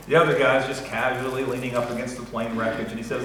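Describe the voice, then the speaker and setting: A man's voice: medium pitch, flat delivery, fast, few pauses, fairly bright tone. A man preaching a sermon as pastor, conversational and joking with the congregation, in a church sanctuary. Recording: echoey church hall, faint noise.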